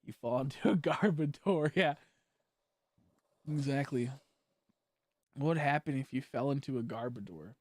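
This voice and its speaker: A man's voice: mid-range voice, normal speed, long pauses, a little mellow, no echo. Jokey rambling young man, dry sound. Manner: rambling, jokey, laughs often. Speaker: streamer. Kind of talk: casual livestream chat.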